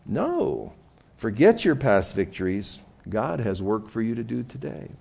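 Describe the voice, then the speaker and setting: A male pastor delivers a sermon in a loose, conversational way, stumbling and repeating words as he goes. His voice is low and rough with a gravelly fry. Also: big pitch swings, unhurried, warm tone.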